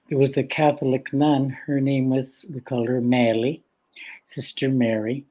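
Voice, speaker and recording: An older man from the west coast of Vancouver Island, a guest storyteller telling stories in an unhurried, gentle way with frequent laughter. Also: mid-range voice, rough recording. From west coast of Vancouver Island, Canada. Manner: unhurried and gentle, laughs often between phrases. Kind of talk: casual spoken storytelling.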